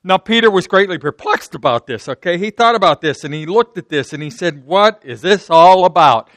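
Guy preaching in church, kinda high voice, slight sore throat, dry close sound, talks loose and repeats himself. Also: lively intonation, fairly quick, a bit bright, no echo. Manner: conversational, repeats words, restarts sentences. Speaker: pastor. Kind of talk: off-the-cuff sermon.

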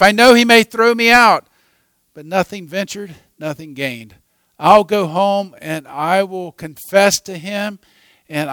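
A repentant young son pleading earnestly, a little higher and louder than plain talk, as a preacher puts him on. His voice is bright and set in a dry, close sound. He speaks in an earnest, humble manner. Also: no echo. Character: repentant young man returning home.

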